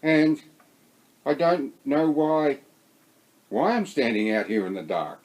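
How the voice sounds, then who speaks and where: A man's voice: medium pitch, lively intonation, takes it slowly, a little mellow, low-quality recording. A man with an Australian accent voicing a confused man who stammers and repeats his words. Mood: dazed.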